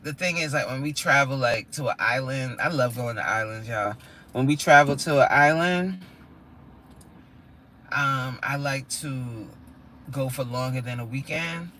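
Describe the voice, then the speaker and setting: A woman's voice: sits low, a bit bright, a little hiss or hum. A woman hosting a casual livestream from her car, chatting with viewers, exclaiming and reading their comments aloud. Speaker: livestream host.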